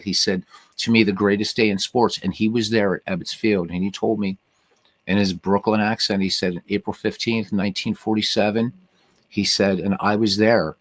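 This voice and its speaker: A man's voice: fairly low pitch, no echo. A middle-aged man hosting a livestream in a casual, rambling way, with many restarts and "you know" fillers. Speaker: livestream host. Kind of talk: casual chat.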